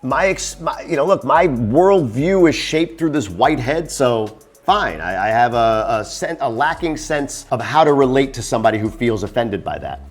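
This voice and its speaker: A man from the United States talking casually to his viewers, opinionated and animated, and he mocks commenters in put-on voices. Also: medium pitch, moderate pace, soft background music. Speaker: vlogger living abroad. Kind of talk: casual opinionated talk to camera.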